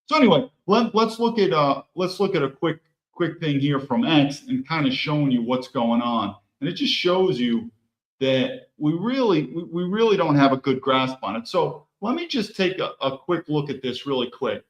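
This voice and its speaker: A man's voice: fairly high pitch, very animated, moderate pace, roomy sound. A man hosting a solo opinion monologue, talking emphatically and answering his own rhetorical questions. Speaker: political commentary host.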